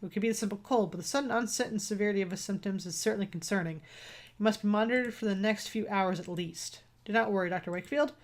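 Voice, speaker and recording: A woman voicing a calm, composed male doctor in a game, reading his lines in a measured, reassuring way. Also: mid-range voice, lightly acted.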